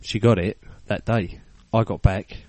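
A lowish British man in his thirties spinning a crude anecdote, full of swearing and laughter. He slips into the voices of the people in the tale. The sound is close and dry. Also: fairly even intonation, a little slow, darkish tone, no echo. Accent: British English. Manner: swearing, laughing storyteller, acts out quotes. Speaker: podcast co-host. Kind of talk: casual chat, storytelling.

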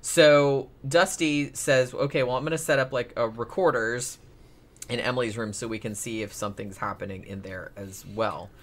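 A man's voice: medium pitch, fairly even intonation, moderate pace. Rambling, profane male podcast co-host. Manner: rambling, profane, laughs often. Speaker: podcast co-host recapping a case. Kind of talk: casual chat.

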